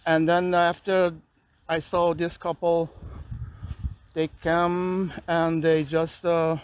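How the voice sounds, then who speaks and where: Weary, agitated man with a high voice. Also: completely flat delivery, clean tone. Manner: agitated, weary, halting non-native English. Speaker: vlogger. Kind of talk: personal video complaint. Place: outdoors in a park.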